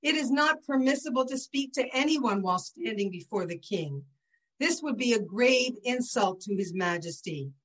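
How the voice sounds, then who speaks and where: A proud Roman prince with a commanding, haughty bark, as a woman storyteller puts him on. His lines come out pitched a little above her usual telling, and they are delivered loudly and sternly. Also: lively intonation, normal speed, low-quality recording. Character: proud angry Roman nobleman, adult man.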